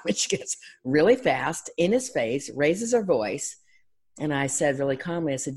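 Middle-aged woman from philly, coaching talk, lively and teachy, acts out people as she goes. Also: a bass voice, normal speed, slightly rough. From Philadelphia. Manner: energetic, teacherly, acts out clients' voices. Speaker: life and love coach, counselor. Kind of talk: guest on an interview podcast.

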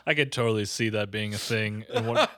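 A man's voice: lowish voice, a little fast, a bit bright, no room sound. A young man co-hosting a casual movie-review chat, blunt and dismissive, swearing often. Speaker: podcast co-host.

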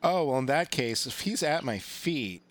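A man playing a casual tabletop game, making deadpan jokes and laughing often. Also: medium pitch, normal speed, no echo. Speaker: player.

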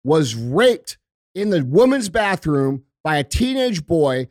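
A man with a somewhat high voice rants hard and swears constantly as a podcast co-host. The sound is dry and close, with no room around it. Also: very animated, slow, dry recording. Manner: profane, emphatic ranting. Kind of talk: heated casual talk.

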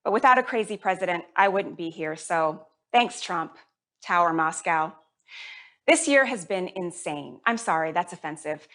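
A woman born in Jamaica hosting a comedy show, delivering a deadpan stand-up monologue. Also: on the low side, moderate pace. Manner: deadpan, dry delivery with put-on voices for family.

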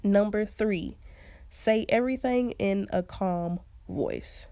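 Young woman podcast host, warm mellow voice, chatty, laughs a lot, dry close sound. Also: medium pitch, sing-song, slow, no echo. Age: young adult. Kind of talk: casual advice monologue.

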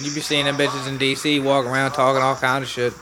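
Fast-talking, slangy male co-host. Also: mid-range voice, little pitch movement, noisy background. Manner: quick joking interjections, slangy. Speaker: podcast co-host. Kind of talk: casual comedic podcast chat.

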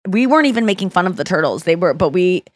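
A woman's voice: lowish voice, lively intonation, quick pace. A woman from St. Louis hosting a podcast, telling stories in rambling casual chat that is full of "like". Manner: rambling storytelling, heavy use of "like". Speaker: podcast host.

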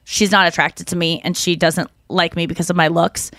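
A woman hosting a podcast, telling stories in a rambling, animated way with lots of fillers. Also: lowish voice, a little fast, no room sound, studio quality. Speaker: podcast host. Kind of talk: casual chat.

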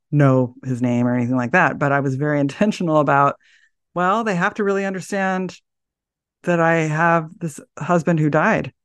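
A middle-aged woman speaking as a podcast guest, thoughtful and soft-spoken, often pausing to search for words. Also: low voice, no echo. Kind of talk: reflective interview talk.

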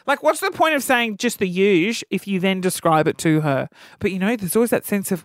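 Brief: young Aussie man, comic vlog rant, high lively voice, dry close sound, acts out quotes. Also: brisk, no echo. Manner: animated, mimics people in acted-out quotes. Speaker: vlogger.

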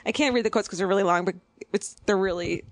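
A woman's voice: medium pitch, fast talker. A woman co-hosting a podcast in casual chat, talking with lots of restarts and laughing easily. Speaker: podcast co-host.

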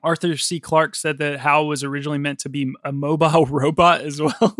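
Man host, casual film chat, higher voice, dry close sound, laughs a lot. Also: little pitch movement, brisk, a bit bright, no echo. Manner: chatty, laughs often, swears casually. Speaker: podcast host.

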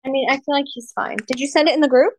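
High-voiced, blunt woman co-host. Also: racing, slight background noise. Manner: blunt, expressive, self-mocking. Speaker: podcast co-host. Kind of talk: casual chat.

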